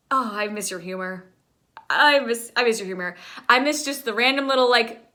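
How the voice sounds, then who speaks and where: A young adult woman, a choir teacher, giving rambling, heartfelt farewell messages to her graduating students, full of fillers. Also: on the high side. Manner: warm, rambling, filler-heavy, chatty.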